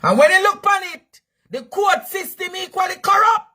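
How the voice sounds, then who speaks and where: High, fiery Jamaican man ranting. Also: expressive, normal speed. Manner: shouting, repeating phrases for emphasis. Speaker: news commentary host. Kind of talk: fiery ranting news commentary.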